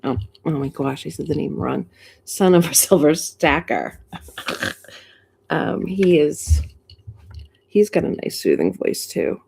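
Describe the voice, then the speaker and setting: A woman's voice: low-pitched, big pitch swings, takes it slowly, vocal fry, pauses often, darkish tone, a little hiss or hum. A middle-aged woman with a Boston accent, hosting a live stream in casual chat, greeting viewers and laughing often.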